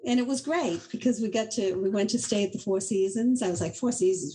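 A middle-aged woman from Boston, a guest on an interview show, telling stories in an animated, chatty way and often laughing through them. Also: medium pitch, brisk, low-quality recording. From Boston, USA. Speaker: inventor, guest. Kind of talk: casual interview storytelling.

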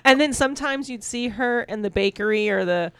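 A woman's voice: on the high side, brisk, a bit bright, clear, resonant tone, dry recording. A woman co-hosting a podcast in casual chat, telling a story in a rambling, giggly way. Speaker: podcast co-host.

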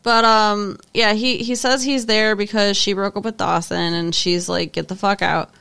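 A woman's voice: medium pitch, steady tone, unhurried, gravelly, a bit bright, clean tone. A woman co-hosting a podcast, talking in a casual recap chat, agreeable and chatty, laughing often. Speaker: podcast co-host.

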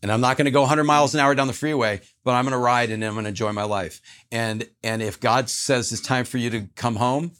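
A man, a podcast guest, telling a personal story in an animated, earnest way and acting out other people's lines. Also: mid-range voice, fast talker. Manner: earnest, reflective.

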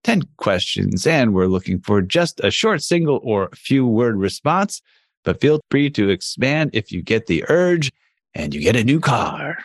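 A male co-host runs quick questions and jokes around. His pitch moves a lot. The sound is dry and close. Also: very animated, no echo. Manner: joking, laughs often. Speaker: podcast co-host. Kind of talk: casual interview.

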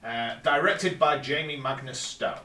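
A man's voice: fairly high pitch, unhurried, sharp tone, slight background noise. Guy walking through a plot recap, sounds a bit far from the mic in an echoey room. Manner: methodical plot recap, dry asides. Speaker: podcast co-host recapping episodes. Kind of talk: casual podcast chat. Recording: roomy, distant mic.

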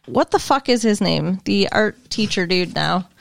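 A woman's voice: mid-range voice, animated, a little slow, gravelly. Woman cohosting a podcast, chill and a bit sarcastic, lots of likes and ums. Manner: conversational, wry, lots of fillers. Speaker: podcast co-host. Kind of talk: casual chat recapping a TV episode.

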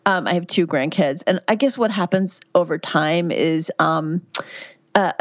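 A woman's voice: fairly low pitch, measured pace, no echo. A woman in her fifties, a midwife guest on a podcast, talking candidly and chattily about motherhood and health. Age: 50s. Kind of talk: conversational interview answers.

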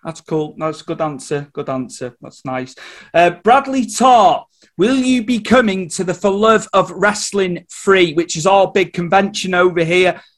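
A man's voice: high voice, a little slow. A man from Wales with a Welsh accent, hosting an interview and eagerly passing on viewer questions. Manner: enthusiastic, relays viewer questions. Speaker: interview host. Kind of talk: casual interview chat.

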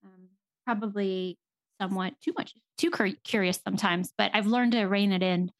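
A woman's voice: mid-range voice, moderate pace, no room sound. A woman therapist talking candidly as a podcast guest, chatty and full of fillers. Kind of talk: casual conversational interview.

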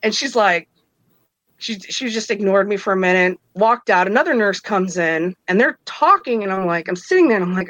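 A woman's voice: mid-range voice, animated, normal speed, a bit bright, dry recording, rough recording. A woman in her thirties casually telling a personal story, acting out the voices of others and laughing between lines. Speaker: guest telling her own experiences.

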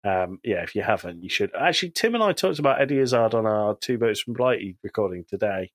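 A man's voice: fairly low pitch, lively intonation, fast talker, dry recording. A man co-hosting a podcast in casual chat, animatedly retelling TV scenes and quoting characters. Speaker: podcast co-host.

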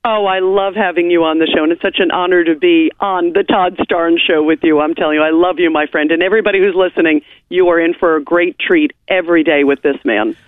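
An emphatic, animated woman talk radio host speaks as a call-in guest. Her voice comes through a thin, phone-like line with a dry, close sound and no room around it. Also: fairly low pitch, fairly quick, hardly any pauses, no echo. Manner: emphatic, animated, laughs easily.

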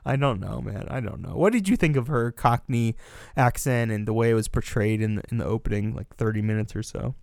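Young American man, casual film-podcast co-host, animated ranter, dry close mic. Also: mid-range voice, brisk, vocal fry, no echo. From United States. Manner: animated, ranting, swears and laughs often.

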